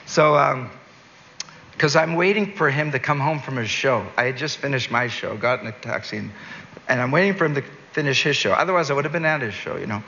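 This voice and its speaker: Man, from Canada, rambling storyteller, bright voice, faint background noise. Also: mid-range voice, fairly quick. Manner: animated, rambling, laughs at his own jokes. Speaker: entertainer and guest. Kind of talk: storytelling in an interview. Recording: dull recording with long reverb, faint noise.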